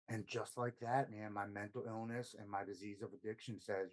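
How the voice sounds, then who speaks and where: A man in his forties speaks with a fairly low voice as a podcast guest. He tells a personal recovery story in an earnest, conversational way. He quotes himself and others and repeats words when he is moved. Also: level tone, normal speed, hardly any pauses, rough recording. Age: 40s.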